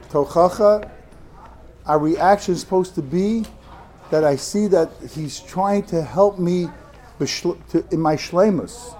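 A man teaches a Torah class in a somewhat high voice. He talks in halting bursts, often restarting a phrase and dropping in Hebrew and Yiddish terms. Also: mellow. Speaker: yeshiva rebbe. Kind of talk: Torah lecture to students.

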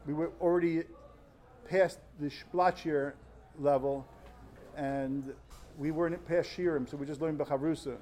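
A young man in his twenties, a yeshiva student, tells a personal story in an animated, earnest way before giving an informal Talmud lecture. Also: on the high side, unhurried, a little hiss or hum. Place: study hall before fellow students.

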